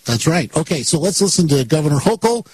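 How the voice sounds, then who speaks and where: A man's voice: a little high, big pitch swings, brisk, a little mellow, husky, poor audio. A man hosting a talk radio show, giving sarcastic political commentary and mocking his opponents with bursts of laughter.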